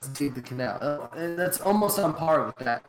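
A man's voice: a little high, expressive, a little fast, low-quality recording. A man co-hosting a stream over an online call, chatting casually, laughing often and swearing while joking around. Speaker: streamer, co-host. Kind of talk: casual chat. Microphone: online call mic with audio glitches.

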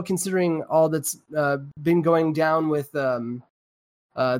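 A man's voice: a little high, dry recording. A man hosting a live podcast in casual chat, rambling with lots of fillers and restarts and swearing freely. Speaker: podcast host.

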